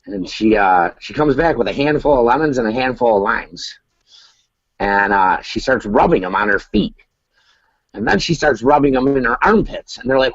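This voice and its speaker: A man telling a bawdy story on a casual podcast, laughing along as he goes. His husky voice swings widely up and down. The sound is dull and lo-fi. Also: medium pitch, lively intonation, moderate pace, no room sound. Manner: rambling storyteller who laughs at his own tale. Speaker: podcast co-host.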